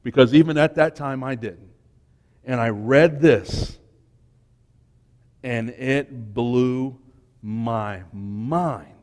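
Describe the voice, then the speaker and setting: A man giving an informal, emotional sermon to young people, swinging between quiet and loud. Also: medium pitch, very slow, pauses often. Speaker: speaker at a church youth talk. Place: church hall. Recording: long church hall reverb.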